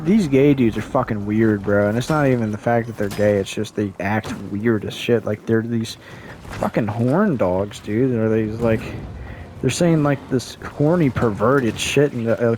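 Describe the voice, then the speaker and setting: A man's voice: medium pitch, a little mellow, a little hiss or hum. Blunt, profane young-sounding man ranting. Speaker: vlogger. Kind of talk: casual rant to camera.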